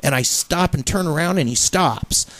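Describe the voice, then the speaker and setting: Man, middle-aged, comedian, radio talk show, casual storytelling, animated. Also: moderate pace. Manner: animated anecdote-telling, pitch jumps when excited.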